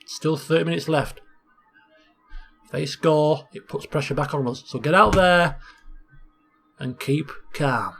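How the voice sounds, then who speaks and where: A man playing a calm football manager giving a slow team talk. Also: on the high side, creaky, slightly rough, soft background music, voice pushed down, heavily acted.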